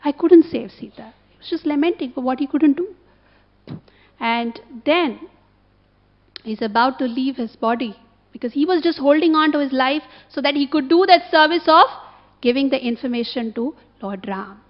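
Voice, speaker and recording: Telling a story as part of her sermon, this temple speaker pauses to ask her audience brief questions. Her voice is high and her pace normal, and the recording sounds dull and lo-fi.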